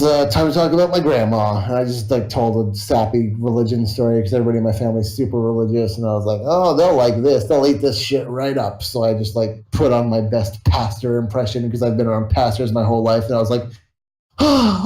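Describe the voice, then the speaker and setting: A tired young man rambles loosely and swears a lot, his voice sitting at an ordinary middle pitch. The room around him is roomy, with a clear echo. He sounds like a worn-out YouTuber thinking out loud. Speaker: YouTuber streaming to viewers. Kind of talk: rambling casual chat.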